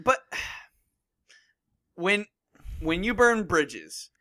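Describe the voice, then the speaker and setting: A tipsy man co-hosting a casual podcast, making deadpan absurd jokes. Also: high-pitched, extremely slow, no room sound, clean studio sound. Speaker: podcast co-host.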